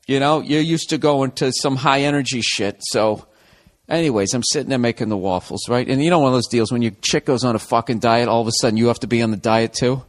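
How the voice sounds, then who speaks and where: A man in his thirties rambling through a solo comedy podcast, cursing constantly and sarcastic throughout. His voice sits at an ordinary middle pitch. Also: quick pace. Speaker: podcast host. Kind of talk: casual comedic monologue.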